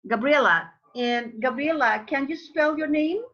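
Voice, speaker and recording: A woman teacher, leading an online English pronunciation lesson, repeating words slowly for her students. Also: high voice, a bit bright. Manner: drills sounds slowly, repeating words, calls students babies. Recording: dull lo-fi online call audio.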